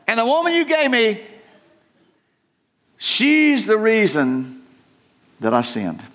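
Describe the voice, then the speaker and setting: A man voicing Adam as a whiny grown man who blames everyone else, his voice raised high as he complains. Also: wildly swooping pitch, takes it slowly, fairly bright tone, heavily acted. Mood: whiny blaming. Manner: complaining, self-excusing, raised voice.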